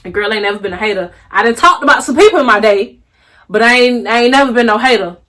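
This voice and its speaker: A young woman vlogger with a pushed, bright voice on the high side delivers a casual monologue to her viewers. Her style is sassy and drawling, calling them honey and baby, repeating herself for emphasis and slowing down to stress her points.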